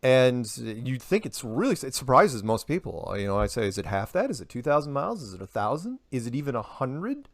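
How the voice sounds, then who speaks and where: A man's voice: medium pitch, sing-song, a little fast, few pauses, dry recording, studio quality. A man talking in a casual podcast conversation, rambling, laughing often and acting out the quotes he reports. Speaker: podcast guest.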